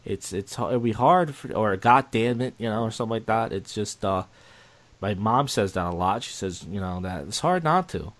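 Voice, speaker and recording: A young man chats loosely on a podcast in a somewhat low voice, stumbling through restarts and fillers as he goes. He talks in a casual, unscripted way. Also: expressive. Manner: rambling, halting, many restarts and fillers. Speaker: podcast co-host.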